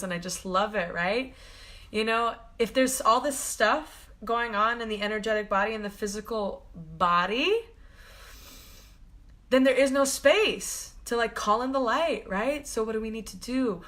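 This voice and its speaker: Her voice sits on the high side, sounding pushed and bright. Streaming live as a spiritual coach, she addresses viewers with gushing affection, rambles loosely with lots of fillers, and laughs frequently.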